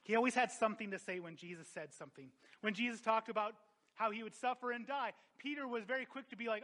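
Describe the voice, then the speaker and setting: An impassioned male pastor preaching a sermon in a high, bright, forceful voice. He swings between loud, emphatic peaks and hushed, reflective moments. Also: fast talker, hardly any pauses.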